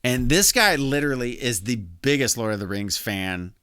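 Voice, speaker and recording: A man, a guitar teacher and podcast guest, telling stories in animated casual chat. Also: medium pitch, moderate pace, clear, resonant tone, no echo, studio quality. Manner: animated, laughing storyteller.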